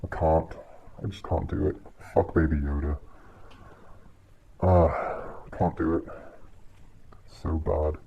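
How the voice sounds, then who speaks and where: With a rumbling low voice, steady tone, and vocal fry, a man takes it slowly with long pauses as he rants about a movie on his channel. He's exasperated and profane, sighing frequently, and the lo-fi recording is dull with faint hiss.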